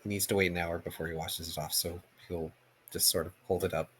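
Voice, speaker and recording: A man playing in a tabletop role-playing game, describing his character's actions in a hesitant, unhurried way. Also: sits low, level tone, a bit bright, a little hiss or hum. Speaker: player.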